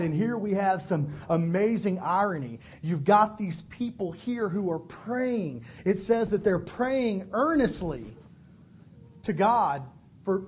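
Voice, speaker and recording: A male pastor preaching a sermon, telling the story in an animated way and acting out the voices. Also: high voice, husky. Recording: phone-like narrow band.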